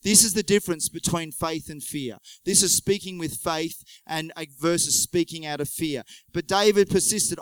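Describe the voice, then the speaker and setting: Aussie guy preaching, high smooth voice, chatty storytelling with little jokes, dry close sound. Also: moderate pace, no echo, poor audio. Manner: animated storytelling with joking asides. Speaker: pastor. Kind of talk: conversational sermon.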